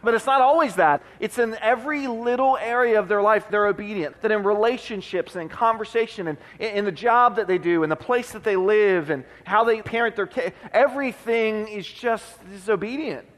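A man's voice: high-pitched, a little fast, hardly any pauses, fairly bright tone. A man giving a sermon in a church, preaching in an earnest, conversational way with frequent restarts. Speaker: pastor. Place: church sanctuary. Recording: long hall reverb.

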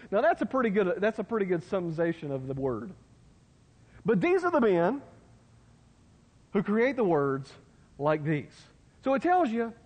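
A man preaching a sermon in a folksy, conversational way, with asides to his listeners. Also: sits high. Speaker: pastor. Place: church sanctuary. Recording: long hall reverb.

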